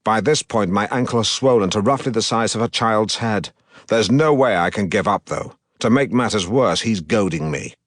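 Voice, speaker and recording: A man reads as a pompous middle-aged broadcaster telling his own story in an audiobook, deadpan and self-important. The voice sits low. The sound is dry and close, with no room around it. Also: normal speed, no echo, close to an everyday voice. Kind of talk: audiobook narration.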